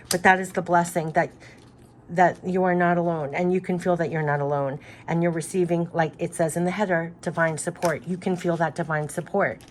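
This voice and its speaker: A woman's voice: on the low side, a little hiss or hum. A woman giving an oracle card reading to her viewers, effusive and emphatic, often repeating key phrases.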